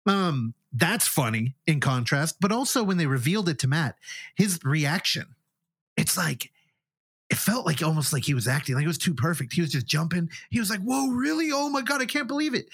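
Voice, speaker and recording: Animated, rambling male podcast co-host. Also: fairly high pitch, breathy edge, no echo, studio quality. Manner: animated, rambling storytelling with quoted reactions. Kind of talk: casual chat.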